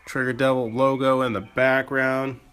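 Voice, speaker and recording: A man's voice: medium pitch, level tone, moderate pace, fairly bright tone, clean tone. A man chatting casually in a vlog, rambling and laughing often as he mocks himself. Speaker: vlogger, small business owner. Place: out walking in town, then indoors.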